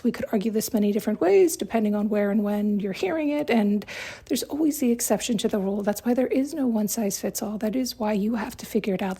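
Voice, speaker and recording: A woman's voice: a little high, warm tone, slightly rough. A woman hosting a podcast and giving an emphatic self-help monologue, repeating herself and often checking in with "right?". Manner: emphatic, repetitive, frequent tag questions. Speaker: podcast host.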